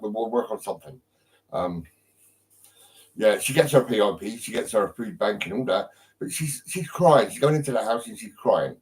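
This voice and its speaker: A man from England chats live into his phone from home in a lowish voice. He rambles, restarts his sentences and swears freely. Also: rough recording. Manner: rambling, full of ums and restarts, heavy swearing. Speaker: livestreamer. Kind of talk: rambling live-stream chat.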